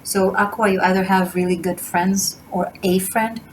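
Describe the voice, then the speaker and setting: A woman's voice: mid-range voice, fairly even intonation, moderate pace, slight background noise, poor audio. A woman doing a tarot reading to camera, talking in a gushing, rambling way with many restarts. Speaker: tarot reader. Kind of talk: casual spiritual reading to camera.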